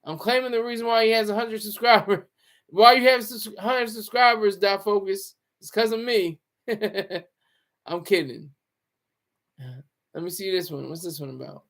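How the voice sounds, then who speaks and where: High-voiced joking male livestream host. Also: moderate pace, fairly bright tone. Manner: chatty, joking, talks to chat. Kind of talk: casual commentary.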